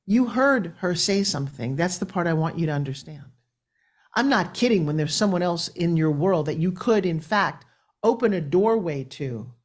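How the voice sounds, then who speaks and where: A middle-aged woman talking as a guest in an interview, animated and motivational, her pitch swinging up and down for emphasis. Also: moderate pace. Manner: lively, shifting pitch up and down for emphasis. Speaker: guest speaker.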